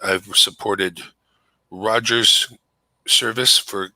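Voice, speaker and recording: Low bright guy chatting from his home setup, goes on explaining stuff, dry close sound. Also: fairly even intonation, extremely slow, no room sound, poor audio. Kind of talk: casual chat.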